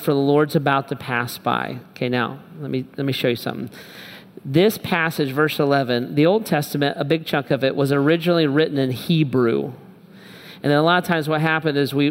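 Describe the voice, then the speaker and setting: A man's voice: a little high, smooth. A middle-aged man preaching a sermon as pastor, telling stories with animation and acting out the voices of the people he quotes. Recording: long reverb of a large hall.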